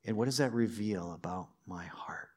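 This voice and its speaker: A man preaching a sermon in a conversational, lively way, with personal stories and light humor. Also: deep voice, normal speed. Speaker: pastor.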